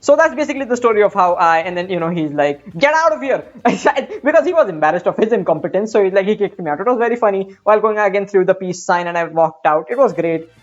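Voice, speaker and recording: Young male gamer in his twenties, rambling and crude, with a lively, swinging voice; dull lo-fi sound and faint music behind him. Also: high-pitched, quick pace, few pauses. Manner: rambling, profane, self-mocking. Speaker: gaming streamer. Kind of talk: casual storytelling over gameplay.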